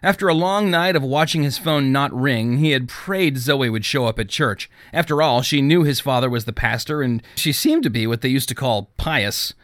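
A man reading an audiobook in scripted narration, with a steady, even storytelling manner on a close studio mic. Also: medium pitch, normal speed, few pauses, dry recording.

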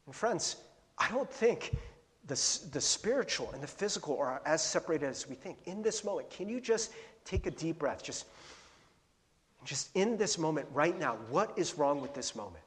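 A male pastor preaching a conversational sermon, animated, asking the congregation questions and acting out the voices he quotes. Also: a little high, normal speed. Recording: long reverb of a large hall.

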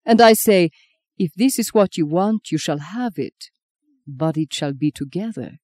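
Woman voicing a soft-spoken German lover. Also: on the low side, lively intonation, a little slow, no room sound. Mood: hushed.

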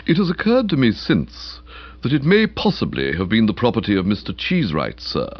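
A man reading aloud, voicing a grave, formal male valet who speaks measured and deferential and drops low at the ends of phrases. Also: wildly swooping pitch, full character voice. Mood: calm. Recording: slightly dull lo-fi recording.

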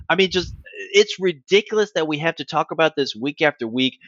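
Male sports podcast co-host, excitable rambler, dull dry mic. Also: fairly high pitch, dry recording. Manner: rapid, animated rambling with restarts. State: out of breath. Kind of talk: casual sports chat.

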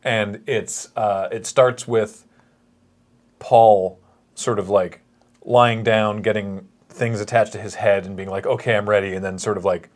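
A man's voice: fairly low pitch, a little slow. A man hosting a casual chat, telling stories animatedly and laughing often. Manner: animated storytelling with acted quotes and laughs. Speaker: podcast host.

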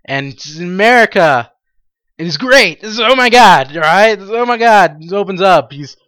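A young adult host giving a casual solo podcast monologue, excitable and rambling, laughing often and swearing freely. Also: medium pitch, moderate pace, no room sound. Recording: dull lo-fi dry recording.

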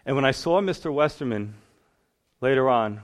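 A man's voice: medium pitch, expressive, normal speed. A man, a pastor giving a sermon testimony, telling his story and acting out the voices in it. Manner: storytelling, acts out voices in quotes.

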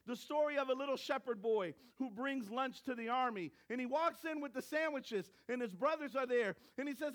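A male pastor preaching a sermon, telling stories in an animated way and acting out the voices of people in them. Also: very high voice, a little fast, hardly any pauses. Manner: storytelling, animated, acts out voices.

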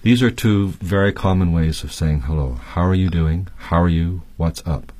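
A man acting as guest English teacher, reading examples aloud slowly and carefully. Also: low-pitched, a little mellow. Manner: slow, careful demonstration of words.

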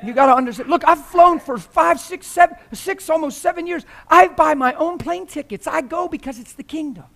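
A man preaching a sermon in an impassioned, exhorting manner that climbs into shouting. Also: extremely high pitch, brisk, few pauses.

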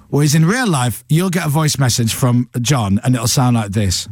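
A man hosting a morning radio show, chatting in a lively, animated way. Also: medium pitch, moderate pace, few pauses, no echo. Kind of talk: casual radio chat.

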